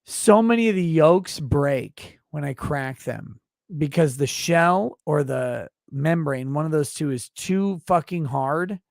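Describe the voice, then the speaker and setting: A man's voice: a little high, animated, slow pace, gravelly, a little mellow, no room sound, studio quality. A man hosting a livestream, reading viewer super chats aloud and answering them in brash, profane, mock-indignant rants. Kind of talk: crude comedic livestream banter.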